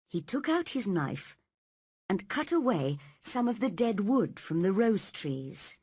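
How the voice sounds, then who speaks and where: A woman reading a story aloud at a slow, careful pace for learners. Her voice rises and falls freely with a slightly husky edge, recorded close and dry. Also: medium pitch, sing-song, a little mellow, dry recording. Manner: slow and clearly paced. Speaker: narrator. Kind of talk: slow scripted narration for learners.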